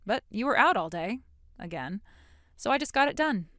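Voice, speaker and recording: Voicing a defiant young woman cutting ties with her mother, an actress delivers blunt sarcasm in a voice on the high side with a fairly bright tone. She is very animated but speaks at normal speed, recorded dry with clean studio sound.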